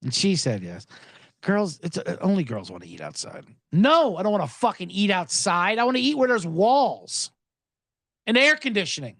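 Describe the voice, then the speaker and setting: Sarcastic guy ranting on his podcast, pitch all over the place, dry close mic. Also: moderate pace, dry recording. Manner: animated, sarcastic, swears, acts out snippy dialogue. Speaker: podcast host. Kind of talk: comedic rant.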